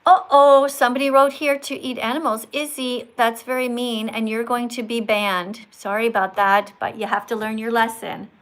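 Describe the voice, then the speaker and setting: A woman's voice: a little high, fairly even intonation, moderate pace, hardly any pauses, low-quality recording. An older woman hosting a livestream, talking to callers in an emphatic, scolding, teacherly manner. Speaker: livestream host.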